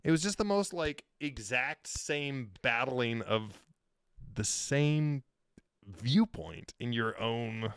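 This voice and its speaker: A man's voice: mid-range voice, slow pace, smooth, no echo. A man telling a funny story as a podcast guest, swearing and joking casually. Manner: animated, profane, joking.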